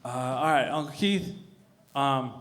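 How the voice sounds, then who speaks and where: A man's voice: mid-range voice, unhurried, fairly bright tone, pitched below the performer's own voice, close to an everyday voice. Hesitant eleven-year-old boy, mumbling and unsure, voiced by a man.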